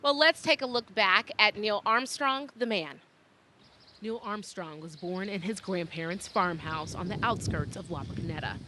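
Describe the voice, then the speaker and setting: Bright, upbeat woman broadcast host. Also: medium pitch, moderate pace, a little hiss or hum. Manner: upbeat, polished presenter. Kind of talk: live broadcast hosting.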